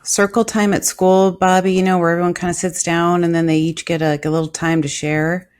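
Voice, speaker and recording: A woman co-hosting a podcast, chatting over a video call in a playful, giggly way. Her voice sits a little low for a woman. She drifts between teasing asides and fond, cheerful remarks. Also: little pitch movement, brisk, darkish tone. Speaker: podcast co-host. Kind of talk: casual video-call chat.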